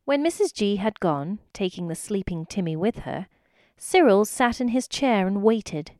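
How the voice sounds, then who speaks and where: A woman's voice: mid-range voice, animated, unhurried, a little mellow, no echo, clean studio sound. A woman reading a children's story aloud expressively, speaking directly to the listener.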